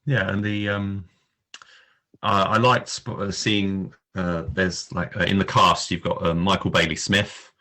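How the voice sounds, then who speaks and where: A man's voice: low voice, flat delivery, measured pace, pushed and bright. A man co-hosting a casual film review podcast, talking hesitantly with many fillers while recalling cast details. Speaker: podcast co-host.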